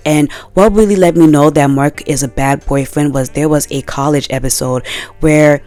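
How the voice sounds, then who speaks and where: A woman giving casual commentary in a vlog, animated and exasperated, full of slang. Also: deep voice, normal speed, no echo. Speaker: video creator.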